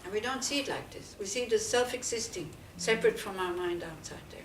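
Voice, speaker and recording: A woman's voice: medium pitch, a little fast, a little hiss or hum. A woman, a Buddhist nun, giving a conversational dharma talk to a small group, asking them question after question. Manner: questioning, conversational, many "you know"s. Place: teaching centre room. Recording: echoey room, speaker far from mic.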